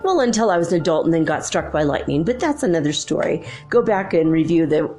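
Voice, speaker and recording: A woman's voice: low-pitched, quick pace, faint music behind. A woman hosting her own spiritual channel, chatting casually and telling a childhood story with frequent laughter. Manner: chatty, laughs often, lively retelling.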